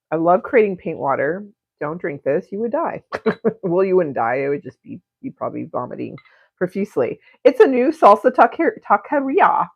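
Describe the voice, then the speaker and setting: A woman's voice: low-pitched, gravelly, husky, dry recording. A woman hosts a live painting stream from home and chats in a meandering, giggly way, sprinkling in swears and half-finished thoughts. Her voice sits close and dry, with the dull, lo-fi sound of stream audio. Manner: rambling, giggly and profane, with frequent self-interruptions. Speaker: livestream painter and host. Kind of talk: casual live-stream chat while painting. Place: home studio.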